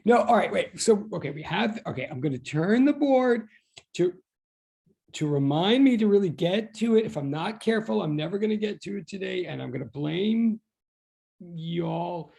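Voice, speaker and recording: Physics instructor on a video call, a man with a high, gravelly voice, chatty and self-deprecating. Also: expressive, moderate pace, mellow. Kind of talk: online class greeting students. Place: online video class.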